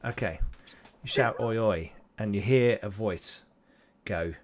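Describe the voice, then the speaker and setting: A man narrating as game master of a tabletop role-playing game, pausing often with ums. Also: lowish voice. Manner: hesitant, full of ums and restarts.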